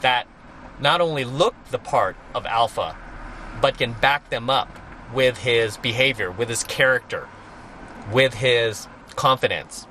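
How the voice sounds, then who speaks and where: A man's voice: mid-range voice, unhurried, sharp tone, slight background noise. A middle-aged man giving a blunt, emphatic monologue as a dating coach, repeating his points for stress. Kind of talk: opinionated monologue to viewers.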